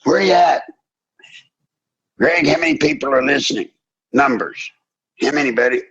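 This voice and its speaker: An older man hosting a call-in radio show, preaching with fiery passion and rising to shouts. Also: medium pitch, normal speed, breathy edge. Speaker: radio talk show host. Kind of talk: impassioned call-in radio talk. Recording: dull lo-fi broadcast audio.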